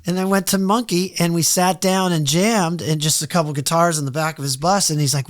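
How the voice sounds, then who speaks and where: Animated man acting out his stories. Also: a little high, fast, few pauses, no room sound, clean studio sound. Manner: animated storyteller who acts out quoted dialogue; casual, swears freely. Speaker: podcast guest. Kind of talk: casual storytelling interview.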